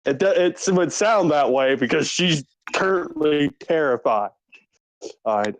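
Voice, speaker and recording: A man's voice: a little high, expressive, measured pace. A man narrating a tabletop game as game master, hesitant with many fillers.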